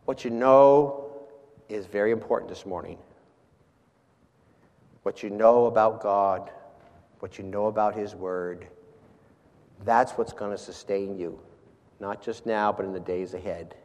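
A man preaching a sermon and reading scripture aloud, then closing in prayer, moving between loud emphasis and quiet, soft passages. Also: on the low side, fairly even intonation, unhurried, long pauses. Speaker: pastor. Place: church sanctuary. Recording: long reverb of a church hall.

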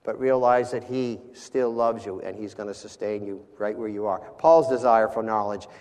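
A man preaching a sermon and reading scripture aloud, then closing in prayer, moving between loud emphasis and quiet, soft passages. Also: fairly low pitch, steady tone, normal speed. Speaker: pastor. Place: church sanctuary. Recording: long reverb of a church hall.

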